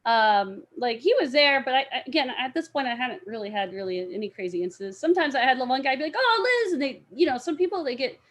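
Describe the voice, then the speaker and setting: Animated high-voiced young woman. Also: fast talker, few pauses. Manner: animated, acts out quotes with loud outbursts and laughter. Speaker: interview guest, cosplayer. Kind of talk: storytelling in a casual interview.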